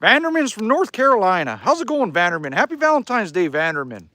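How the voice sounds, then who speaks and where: A Canadian man with a fairly high voice that swings widely in pitch, chatting casually on a livestream. He rambles and swears lightly as he talks to viewers from outdoors beside a fire. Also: big pitch swings, fast, bright, forceful tone, no room sound. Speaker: livestream host. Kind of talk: casual live-stream chat reading viewer comments.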